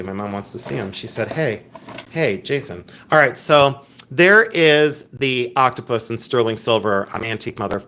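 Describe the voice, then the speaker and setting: A man's voice: medium pitch, a bit bright, a little hiss or hum. A middle-aged man hosting a casual livestream from home, chatty and playful, reading viewer comments aloud. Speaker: livestream host.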